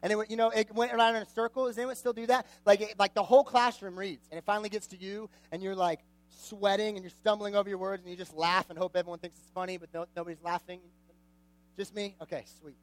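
A man's voice: high voice, level tone, fast talker, rough recording. A young man giving a casual, jokey sermon to a youth group, often asking the audience questions. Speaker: youth pastor.

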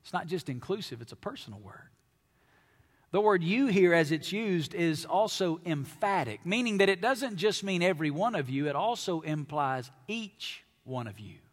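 A man from Alabama with a Southern accent, preaching a sermon as pastor, emphatic and animated with playful asides to the congregation. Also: sits high, normal speed. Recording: long hall reverb.

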